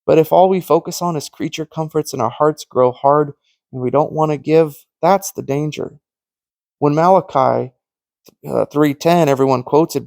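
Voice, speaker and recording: Earnest preaching man, fairly high voice. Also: moderate pace, vocal fry, a little mellow, no room sound. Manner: storytelling that acts out quoted conversations; earnest, conversational. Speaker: Christian teacher. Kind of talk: informal preaching monologue.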